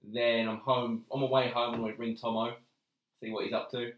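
A man's voice: mid-range voice, level tone, brisk, highs cut off. A young man, chatting as a podcast guest and laughing often. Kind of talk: casual chat. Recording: roomy sound, distant mic.

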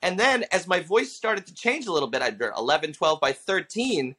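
A man in his thirties, a stand-up comedian telling stories in a casual interview, animated and slipping into quick character voices. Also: sits high, husky. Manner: animated storyteller who slips into character voices for quotes.

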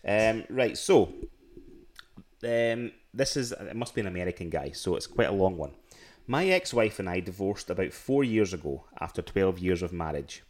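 Scottish man rambling in a lowish voice. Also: expressive, moderate pace. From Scotland. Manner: rambling storytelling with frequent restarts and laughs. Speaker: podcast co-host. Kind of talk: casual chat.

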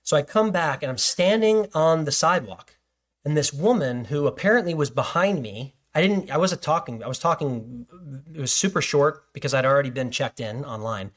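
A man's voice: fairly high pitch, animated, normal speed. Joking conversational man preaching. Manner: conversational, joking asides and storytelling. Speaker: pastor. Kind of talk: sermon.

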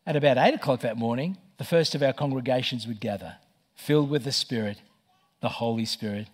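A middle-aged man preaching a sermon as pastor, telling stories with lively stammered restarts. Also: mid-range voice, brisk. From Australia. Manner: animated storytelling with stammered restarts.

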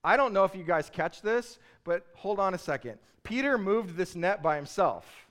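Male pastor, slightly high voice, chatty animated sermon delivery. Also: normal speed. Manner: conversational, animated storytelling preacher.

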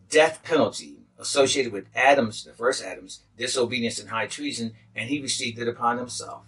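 A man's voice: medium pitch, bright, forceful tone, husky, recorded from a distance, poor audio. A man preaching as a pastor, teaching a Bible healing lesson, reading verses aloud, repeating key phrases and dropping in praise God. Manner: interjects praise God and glory to God.

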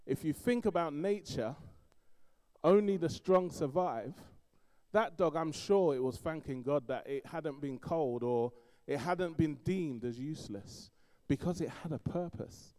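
A middle-aged man from East London with a London accent, preaching a sermon in an animated storytelling way, swinging between loud emphasis and quiet asides. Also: on the high side, measured pace.

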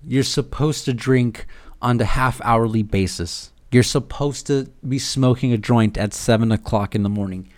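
A man's voice: medium pitch, moderate pace. A young man hosting a podcast, telling a rambling, irreverent comic story full of swearing. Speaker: podcast host. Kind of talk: casual comedic monologue.

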